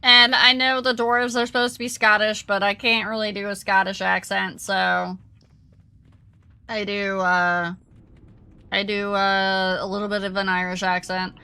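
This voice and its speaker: A woman's voice: mid-range voice, level tone, measured pace, pushed and bright, clean tone. A young adult woman streamer chatting casually with viewers while playing, greeting them by name and reacting to the game. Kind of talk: casual live-stream chat over gameplay.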